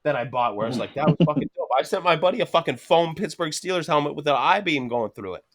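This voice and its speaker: This Canadian man in his thirties, a podcast guest, tells a story in casual chat with a high-leaning voice at a quick pace over crowd noise. He's animated, swears constantly, laughs mid-sentence and acts out what people said.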